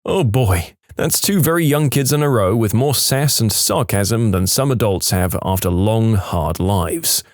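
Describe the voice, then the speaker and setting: A man narrating funny reddit stories in an expressive, storytelling way. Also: fairly low pitch, measured pace, few pauses, no room sound, studio quality.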